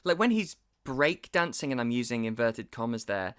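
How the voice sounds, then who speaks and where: Lively man, animated podcast host. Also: medium pitch, normal speed, smooth. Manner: animated, laughing, acts out quotes. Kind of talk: casual chat.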